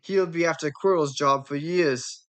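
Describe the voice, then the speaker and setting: A woman's voice: low-pitched, a little slow. A woman voicing a know-it-all teenage prefect who explains things with self-assurance in a fan reading of a film script.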